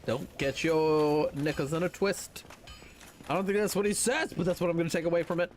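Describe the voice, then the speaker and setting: A man's voice: on the high side, steady tone, fairly quick, a little hiss or hum. A man streaming a video game, thinking aloud and swearing casually as he plays. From North America. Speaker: gaming streamer. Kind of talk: casual gameplay commentary.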